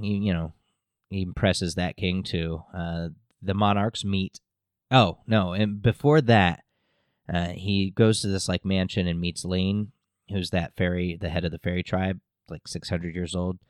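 A man with a low, deep voice chats his way through a loose, filler-heavy recap, jokey and meandering. The sound is dry and close to the mic, with no room echo. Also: unhurried, clear, resonant tone. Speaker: podcast host. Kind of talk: casual episode recap.

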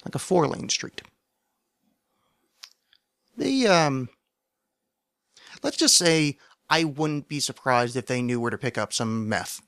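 A man hosting a podcast, telling a long story in a wry, rambling way and sometimes acting out shouted quotes. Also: mid-range voice, dry recording, studio quality. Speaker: podcast host. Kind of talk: casual storytelling monologue.

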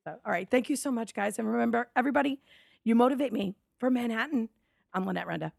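Hoarse, gravelly woman podcast host. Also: a little high, fast, a little mellow. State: hoarse morning voice. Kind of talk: casual interview chat. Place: music studio.

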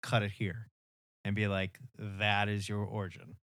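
A man's voice: fairly low pitch, monotone, measured pace, fairly bright tone, clean tone, dry recording, studio quality. A man hosting a podcast who keeps pushing back on his guest's story in a playful, laughing way. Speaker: podcast host. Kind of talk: casual podcast chat.

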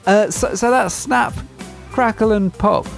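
A man's voice: sits high, a little slow, creaky, faint music behind. A man co-hosting a podcast, joking and punning in casual chat with frequent restarts. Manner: playful, punning, stumbling restarts. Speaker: podcast co-host.

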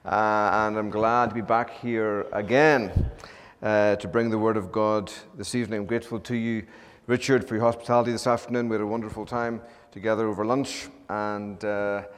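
A man from Ireland with an Irish accent, preaching a sermon as a pastor. He talks quickly and runs on, then slows for solemn prayer. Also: medium pitch, long reverb tail. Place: church sanctuary.

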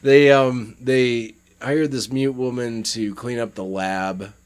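A man's voice: mid-range voice, fairly even intonation, slow. A man in casual podcast chat, joking and laughing often.

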